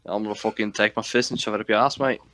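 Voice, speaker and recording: A man's voice: fairly low pitch, steady tone, racing, a bit bright, slight background noise. A man voicing a boastful six-foot-six pub tough guy who makes crude threats and keeps saying mate.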